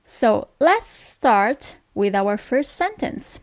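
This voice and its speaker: A woman with an Italian accent, teaching phrases in a patient lesson, saying each one slowly and repeating it. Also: a little high, very animated, dry recording, clean studio sound. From Italy.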